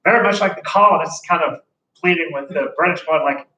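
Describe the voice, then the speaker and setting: Recorded from a distance in an echoey classroom with faint room noise, a man teaches history in a fairly high, quick, pushed and bright voice. His lecture is conversational, and now and then he performs the voices of everyday people.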